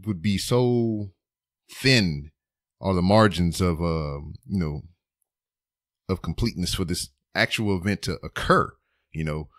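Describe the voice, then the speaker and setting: A man's voice: deep voice, dry recording, studio quality. A man hosting his own podcast from home, rambling in a playful, casual way with joking asides. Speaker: podcast host. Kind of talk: casual solo podcast monologue.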